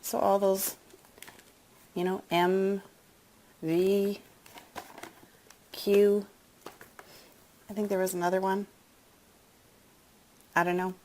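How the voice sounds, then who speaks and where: A middle-aged woman shares a personal story in a confiding, emotional way, then pitches wellness products in an upbeat, chatty tone. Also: level tone, takes it slowly, pauses often, a little mellow, a little hiss or hum.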